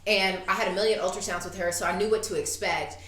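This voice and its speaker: A woman in her thirties telling a story in casual chat, animated and acting out the voices she quotes. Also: lowish voice, fast. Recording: echoey room.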